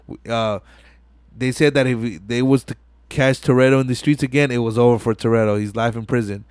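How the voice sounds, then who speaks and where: A man hosting a podcast, retelling a film scene in casual chat with animated, profane storytelling. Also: mid-range voice, fairly quick, no echo. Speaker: podcast host.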